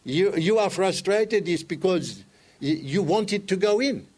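Guy putting on a chill buddhist golf buddy, indian accent, slow and soft and kinda high. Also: lively intonation. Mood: serene. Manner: slow, gentle, patient advice. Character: calm serene Buddhist golfer man.

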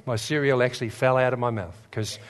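A man's voice: mid-range voice, steady tone, fast talker. Aussie guy preaching, funny stories then fired up, big echoey church hall. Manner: storytelling, humorous, builds to fervent emphasis. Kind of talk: sermon. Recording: long reverb in a large hall.

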